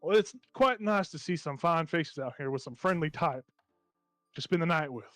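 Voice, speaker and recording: A man's voice: fairly high pitch, expressive, normal speed, fairly bright tone, dry recording, soft background music. A man voicing a jovial, folksy male dwarf gunslinger who talks in a friendly country way in a tabletop game. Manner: folksy, friendly drawl, stereotypical country talk.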